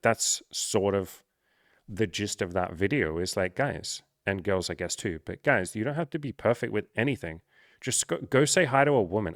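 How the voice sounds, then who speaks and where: A low-voiced man coaching in loose, casual talk, blunt and full of swearing, often mocking himself. The sound is close and dry, with no room around it. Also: no echo. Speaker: dating coach.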